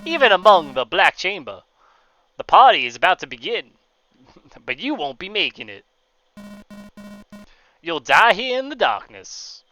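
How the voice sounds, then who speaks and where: A man's voice: sits high, big pitch swings, sharp tone, dry recording, highs cut off, soft background music, pitched above the performer's own voice, heavily acted. A man reading game lines in a put-on grandpa voice, playing a creepy old assassin who gloats over his prey. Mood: menacing. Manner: put-on grandpa voice, slow, relishing.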